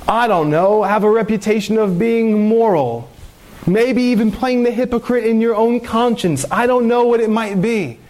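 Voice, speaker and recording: Male pastor, higher-pitched, earnest sermon delivery with fervent exhortation. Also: unhurried, darkish tone.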